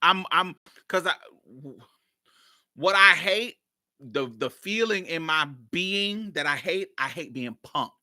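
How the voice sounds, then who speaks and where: A woman podcast host telling a personal story in a blunt, profane, animated way. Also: on the low side, takes it slowly, no echo, studio quality. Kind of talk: casual storytelling.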